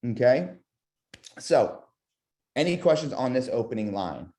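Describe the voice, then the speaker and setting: A man's voice: mid-range voice, unhurried. A man coaching a webinar on sales calls, modeling tone of voice and quizzing his audience. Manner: lively, demonstrates vocal tonality, asks audience questions. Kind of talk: webinar instruction with demo calls.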